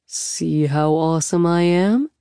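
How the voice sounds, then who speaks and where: A woman voicing a calm, patient young husband who speaks softly and reassuringly, with a light teasing edge. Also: low voice, a little slow, dry recording, studio quality. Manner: soft, reassuring and lightly joking.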